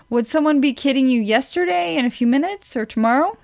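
A woman's voice: high-pitched, quick pace. Teasing, dry-witted woman reading questions. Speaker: podcast co-host. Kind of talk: casual chat, reading questions from a list.

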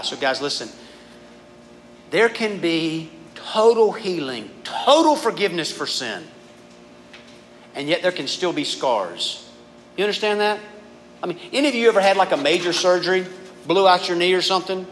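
Recorded in an echoey hall with faint background noise, a high-voiced man preaches at normal speed with long pauses. He reads scripture and talks informally to a youth group, animated and casual, often addressing them as "guys."

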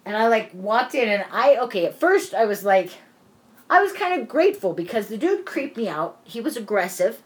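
A woman's voice: fairly high pitch, big pitch swings, moderate pace. A woman telling a long work story in casual chat, rambling and peppered with "like" and swearing. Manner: rambling, profane storytelling full of "like".

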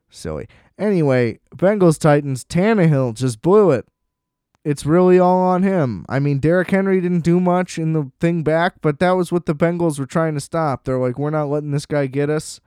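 A man's voice: fairly high pitch, unhurried, warm tone, clean tone, no room sound. Man, casual solo sports rant, profane and sarcastic, clean dry voice. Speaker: sports commentator.

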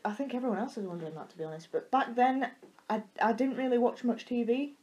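A woman's voice: a little high, expressive, quick pace, darkish tone, muffled recording. A nineteen-year-old woman with a Yorkshire accent chats casually on a podcast. She tells her stories in a loose, rambling way and laughs easily. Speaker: podcast co-host. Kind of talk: casual chat.

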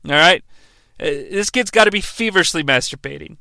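Here an American podcast co-host recaps a TV episode for laughs, cursing, joking, and breaking into mocking voices. His fairly high voice is gravelly and sharp, animated and a little fast, captured in a dry recording.

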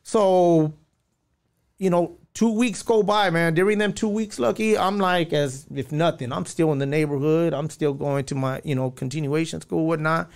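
A man's voice: on the high side, moderate pace, gravelly. A man, a podcast guest telling a long personal story with lots of fillers and acted-out quotes. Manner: rambling storytelling with many fillers, acting out quoted dialogue.

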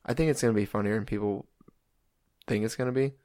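A young man co-hosting a podcast, relaxed and wry, steering the topics in a casual chat. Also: lowish voice, fast, no echo, studio quality. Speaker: podcast co-host.

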